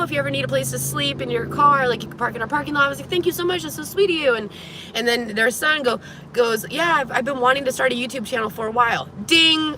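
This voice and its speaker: Bright-voiced woman vlogger telling a story. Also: mid-range voice, a little hiss or hum. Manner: animated, laughing often, swearing. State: sweaty and nervous. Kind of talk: casual storytelling vlog.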